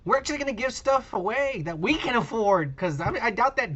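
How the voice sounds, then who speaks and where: A man's voice: extremely high pitch, lively intonation, fairly quick, a bit bright, dull audio. A man co-hosting a casual podcast, rambling and profane, with lots of fillers. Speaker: podcast co-host. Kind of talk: casual chat.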